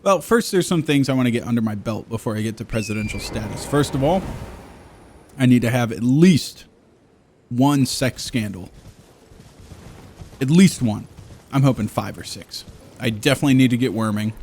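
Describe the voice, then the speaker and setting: A man's voice: mid-range voice, animated, moderate pace, long pauses, darkish tone, slightly rough. A young adult man rambling casually as a streamer, crude and joking, swearing freely and slipping into playful silly voices.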